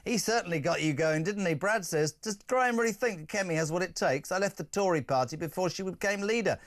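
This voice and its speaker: A man's voice: sits high, quick pace. A middle-aged man hosting live talk radio, chatty and teasing as he reads out listener texts. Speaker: radio talk show host.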